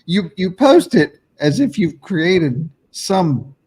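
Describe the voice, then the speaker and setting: A man's voice: high-pitched, very animated, slow, darkish tone, slightly rough. A man co-hosting a podcast, teasing his co-host in casual, profane banter.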